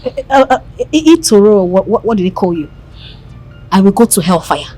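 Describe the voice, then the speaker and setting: A woman's voice: mid-range voice, sing-song, normal speed, mellow, faint music behind, low-quality recording. An actress with a Nigerian accent playing a scornful, hot-tempered wealthy madam who scolds and mocks her maid. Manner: scolding, mocking, blunt. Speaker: employer of the maid.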